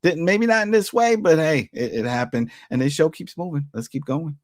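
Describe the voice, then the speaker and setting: A man hosting a casual TV episode recap, excitedly retelling scenes and briefly acting out the characters' lines. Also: fairly high pitch, no echo, studio quality. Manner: animated, acts out characters' lines in quick put-on voices. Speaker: TV recap host.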